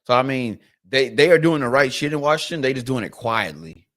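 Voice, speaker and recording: Male co-host, casual sports chat, medium pitch, animated retelling with stammered restarts. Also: brisk. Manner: animated storyteller, acts out quoted voices, repeats words. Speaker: podcast co-host.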